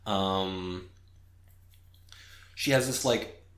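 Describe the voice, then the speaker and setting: A man narrating as game master of a tabletop role-playing game, halting with many fillers. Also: low-pitched, fairly bright tone, echoey room.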